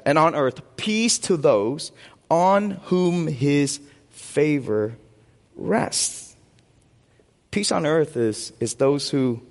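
A man's voice: a little high, big-room sound. A middle-aged man preaching a sermon, asking the congregation questions and waiting for answers. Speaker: pastor.

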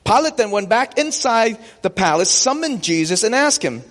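Guy preaching a sermon, high voice swinging all over, big long reverb like a church hall. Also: normal speed. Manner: animated preaching with rhetorical questions. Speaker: pastor.

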